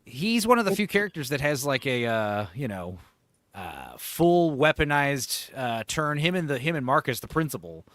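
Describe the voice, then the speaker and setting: A man's voice: mid-range voice, big pitch swings, normal speed, a bit bright, no room sound. A man hosting a casual horror movie panel, rambling with many fillers and acting out lines from scenes. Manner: rambling, many fillers and restarts, acts out quotes. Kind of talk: casual live-stream panel chat.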